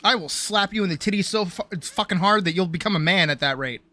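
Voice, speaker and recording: A woman's voice: fairly low pitch, fast talker, dry recording. A woman streamer chatting casually, swearing a lot and mocking herself. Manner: profane, animated, self-mocking. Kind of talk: casual live-stream chat. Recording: faint music behind.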